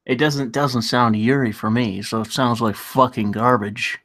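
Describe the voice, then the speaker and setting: A man talks casually to his stream chat with a bright, forward voice. He rambles, swears freely and laughs along as he goes. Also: mid-range voice, fairly even intonation, unhurried. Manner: rambling, profane, laughs often. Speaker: livestream host.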